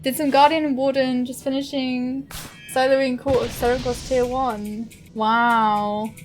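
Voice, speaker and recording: A woman's voice: high-pitched, level tone, unhurried, faint music behind. A young woman streaming a game, chatting casually and giggling as she answers her viewers. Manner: friendly, giggly replies to chat. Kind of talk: casual live-stream chat.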